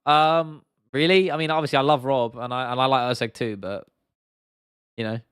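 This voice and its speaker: A man's voice: medium pitch, steady tone, normal speed, fairly bright tone, smooth, dry recording, clean studio sound. A young man from England hosting a casual livestream, talking bluntly and swearing freely while reacting to viewer comments. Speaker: livestream host.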